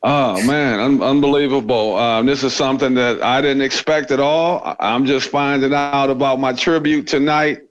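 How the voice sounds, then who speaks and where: A man speaking as a guest on a talk show, emotional and halting, often repeating words. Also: medium pitch, steady tone, lo-fi sound. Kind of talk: casual talk.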